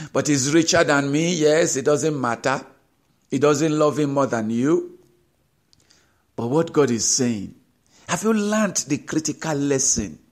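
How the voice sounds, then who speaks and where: A man preaching a sermon as a pastor, pressing his listeners with rhetorical questions and rising emphasis. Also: a little high.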